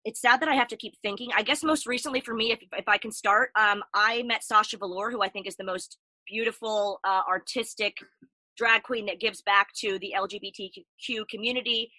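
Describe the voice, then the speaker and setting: Bright-voiced woman co-hosting a chat show. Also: medium pitch, steady tone, brisk, no echo, rough recording. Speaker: co-host. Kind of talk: casual chat.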